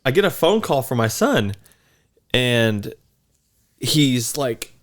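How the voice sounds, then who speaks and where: A man's voice: medium pitch, big pitch swings, takes it slowly. A man in his thirties casually telling a long, rambling story on a podcast. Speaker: podcast co-host.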